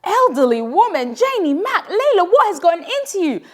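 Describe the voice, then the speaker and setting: A woman's voice: extremely high pitch, very animated, moderate pace, voice pushed up. A woman playing a stern old teacher. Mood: scolding. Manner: prim, scolding.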